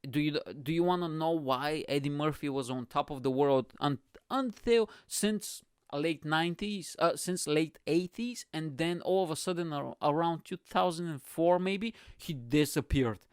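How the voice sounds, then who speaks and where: Brash, higher-voiced accented man. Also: normal speed, clear, resonant tone, no echo, clean studio sound. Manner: boastful, profane, self-mocking, rambling; speaks with an accent. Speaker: podcast host. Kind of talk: crude comedic monologue.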